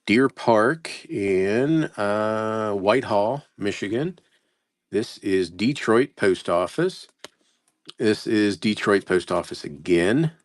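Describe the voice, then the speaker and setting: A man's voice: lowish voice, expressive, slow, no room sound, clean studio sound. A man running a casual live sales stream, reading out place names and stumbling over how to say them, self-mocking. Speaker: live-stream postcard seller.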